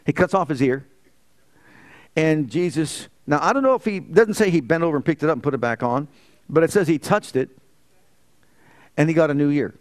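Man, pastor, sermon, high voice, fervent preaching, rhetorical questions.

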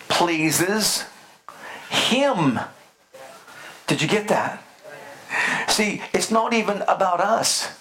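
A man's voice: fairly high pitch, a bit bright. Older male pastor preaching in rhythm. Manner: rhythmic preaching with repeated call-and-response phrases. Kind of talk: sermon.

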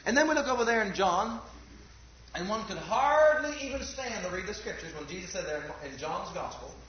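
A fervent man preaches, pressing his listeners with question after question and asking for amens. His voice sits high and leaps widely in pitch. The recording is very echoey and a bit dull and lo-fi. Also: very animated, fairly quick, slight background noise. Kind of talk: sermon.

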